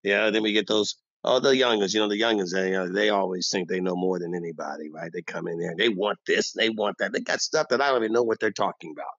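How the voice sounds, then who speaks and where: An actor playing an older, bossy, old-school barbershop owner who rambles and boasts in street talk, delivered as a comic monologue. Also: male voice, on the low side, quick pace, few pauses, a bit bright, no room sound. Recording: dull dry lo-fi recording.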